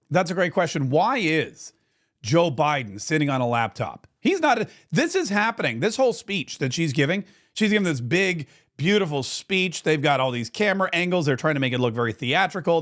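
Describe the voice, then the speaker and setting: A man's voice: a little high, fairly bright tone. A man hosting a political commentary show, telling the story with indignant sarcasm. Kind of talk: opinion commentary monologue.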